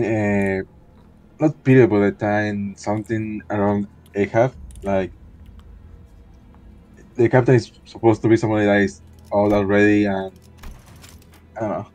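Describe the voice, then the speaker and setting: A man's voice: fairly low pitch, a little mellow, low-quality recording. A man chatting on a stream, hesitant and full of restarts.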